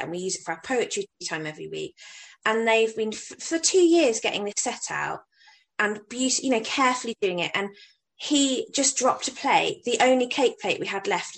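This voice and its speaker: A woman's voice: medium pitch, fairly bright tone, low-quality recording. A woman in her thirties from England, talking openly and casually about family life. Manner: open, candid, with restarts. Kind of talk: casual conversation.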